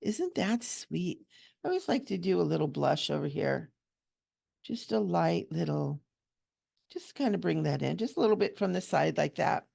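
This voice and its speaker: A woman with a deep, very gravelly voice talks her way through a coloring session. Her manner is gentle and chatty, and she coos softly over the little details of the picture. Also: lively intonation, normal speed. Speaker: coloring channel host and hypnotherapist. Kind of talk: relaxed chatty coloring tutorial.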